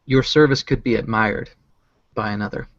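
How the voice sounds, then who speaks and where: A man's voice: fairly low pitch, normal speed, creaky, no echo, muffled recording. A man voicing a stern loyal tribal lieutenant. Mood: solemn.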